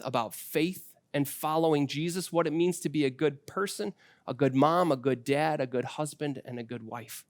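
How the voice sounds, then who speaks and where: A man's voice: a little high, no echo, clean studio sound. A man in his forties preaching a sermon as pastor, telling family stories in a conversational way. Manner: conversational storytelling with personal anecdotes.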